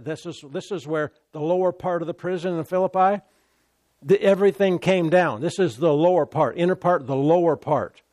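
A man's voice: fairly high pitch, darkish tone, dry recording, clean studio sound. A man preaching a sermon who speaks emphatically and keeps repeating key phrases.

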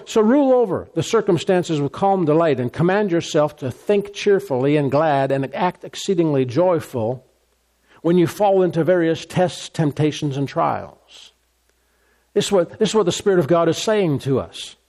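Guy preaching, kinda high voice, keeps repeating phrases, gets fired up. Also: moderate pace. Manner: emphatic preaching, repeats key phrases, rises high when excited. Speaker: pastor. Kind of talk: sermon.

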